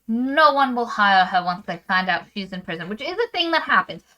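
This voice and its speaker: A woman's voice: medium pitch, expressive, fairly quick, pushed and bright. A woman co-hosting a podcast, chatting casually and sarcastically as she roasts a novel, swearing freely. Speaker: podcast co-host. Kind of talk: casual book-roast chat.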